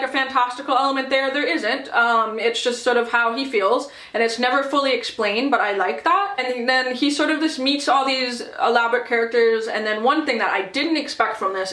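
A woman's voice: on the high side, a bit bright. A young woman gushing over books in a casual review vlog, chatty and full of fillers. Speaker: book vlogger. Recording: echoey room.

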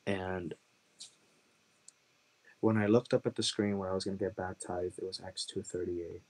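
Guest testimony: earnest man with a lowish voice, emotional, repeats himself for emphasis. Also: steady tone, normal speed, slightly rough. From Chicago, USA.

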